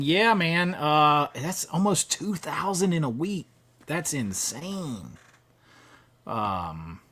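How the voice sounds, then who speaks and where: A man's voice: fairly high pitch, bright, forceful tone. A man hosting a casual horror movie livestream, chatting with viewers and rambling with fillers and restarts. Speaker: livestream host. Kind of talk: casual live chat reading viewer comments.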